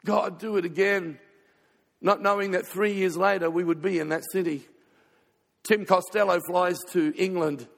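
A man pastor preaching a sermon, telling stories with sudden swings between loud passages and hushed ones. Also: high voice, fairly even intonation, normal speed, gravelly. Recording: reverberant hall.

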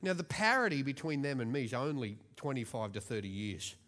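A man's voice: medium pitch, sing-song, fairly quick, fairly bright tone. A man in his forties, preaching a sermon in a chatty, self-mocking storytelling way.

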